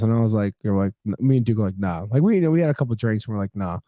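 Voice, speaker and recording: A podcast co-host in his thirties talks fast in a fairly low voice, recorded with no echo. Telling a long story in casual chat, he's an animated storyteller who acts out what people said and swears freely.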